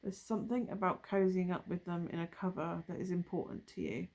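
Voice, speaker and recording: A woman's voice: lowish voice, fairly quick, gravelly, a little mellow. A woman doing a casual tarot reading, musing and thinking aloud as she turns over cards, with trailing asides. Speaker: tarot reader.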